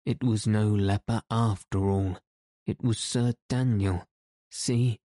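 A man's voice: fairly low pitch, steady tone, slow pace, warm tone, dry recording, clean studio sound. A man voicing an earnest, anxious young male ward who speaks hesitantly. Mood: eager.

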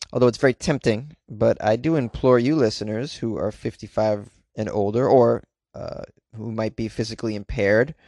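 A man hosts his own podcast alone, chatting casually and cracking jokes, with many fillers and restarts. His voice is mid-range, recorded in studio quality with no room sound.

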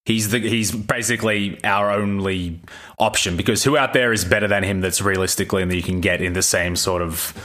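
A man co-hosts a casual podcast and talks in a laid-back way, padding his points with plenty of fillers. His voice is very deep. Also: steady tone, a little fast, fairly bright tone. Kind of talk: casual analytical chat.

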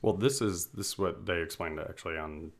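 A man co-hosting a casual podcast, speaking in a deep, low voice. He talks in a loose, easygoing way and leans on "you know" as he chats. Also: a little fast. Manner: relaxed, filler-heavy, "you know". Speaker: podcast co-host. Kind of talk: casual chat.

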